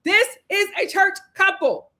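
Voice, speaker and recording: A woman hosting a casual reality TV recap, animated and laughing as she acts out what the cast said. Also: very high voice, measured pace. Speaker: host.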